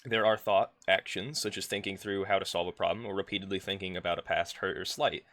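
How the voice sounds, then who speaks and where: Bright-voiced man reading aloud on a stream. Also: sits low, steady tone, fast talker. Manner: reads a text aloud and breaks off to chat with viewers and pets. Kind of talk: casual live-stream reading and chat.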